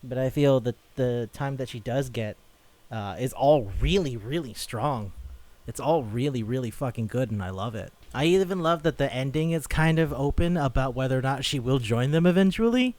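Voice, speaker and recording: A man's voice: medium pitch, animated, moderate pace, darkish tone. A man co-hosting a podcast in casual chat, swearing freely and acting out quotes as he talks. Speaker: podcast co-host.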